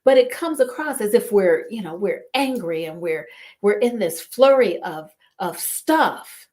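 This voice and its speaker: Slow-talking middle-aged woman storyteller. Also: medium pitch, expressive, a little mellow. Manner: slow, storytelling, frequent fillers. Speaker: host. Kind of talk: live talk on stress.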